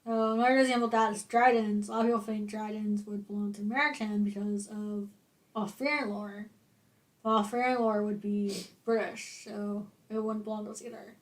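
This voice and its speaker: A woman's voice: mid-range voice, steady tone, brisk. A woman co-hosting a podcast in casual chat, explaining matter-of-factly and laughing often. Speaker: podcast co-host.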